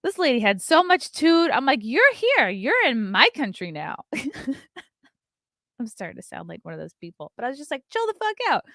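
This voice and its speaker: A woman's voice: on the high side, a bit bright, no echo. Brash woman host, dry close sound. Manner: brash, sarcastic storytelling, reading chat messages. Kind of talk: casual live-stream chat.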